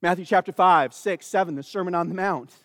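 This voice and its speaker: A man's voice: high voice, a little fast, no room sound, clean studio sound, in a large hall. A man preaching a sermon, emphatic and calling out to the congregation.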